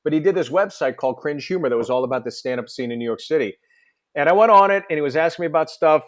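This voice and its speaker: A man's voice: on the high side, expressive, rapid-fire. A man, a comedian guest, chatting on a podcast and telling rambling anecdotes. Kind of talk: casual podcast chat.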